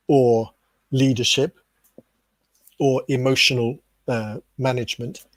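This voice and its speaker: A man with a British accent explaining ideas to teachers in a webinar, asking rhetorical questions in a steady, clear teaching tone. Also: mid-range voice, no room sound. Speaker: webinar speaker on teacher development. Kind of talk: explanatory lecture.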